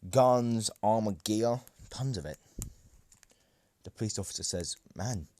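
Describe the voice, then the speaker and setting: A man's voice: fairly low pitch, measured pace, a little mellow, dry recording. A man improvising a fan-fiction story in a rambling way, correcting himself and chatting to listeners.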